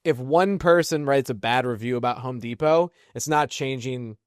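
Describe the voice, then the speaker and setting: A man's voice: medium pitch, normal speed, clean tone, dry recording, studio quality. A man co-hosting a podcast, telling business stories in casual chat and laughing between points. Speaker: podcast co-host.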